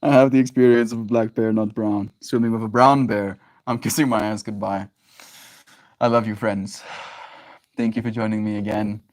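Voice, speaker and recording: A man's voice: on the low side, little pitch movement, moderate pace, a little mellow, no room sound. A man hosting his daily livestream, chatting affectionately with viewers in a rambling, playful way, giggling and tossing in silly made-up words. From Canada. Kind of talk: casual livestream chat with viewers.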